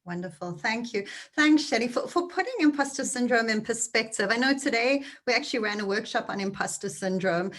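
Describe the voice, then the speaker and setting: A woman's voice: fairly high pitch, animated, brisk, few pauses, a bit bright. A woman moderating an interview, reading an audience question in a gracious, affirming way. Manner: affirming and gracious, frequent agreeing backchannels.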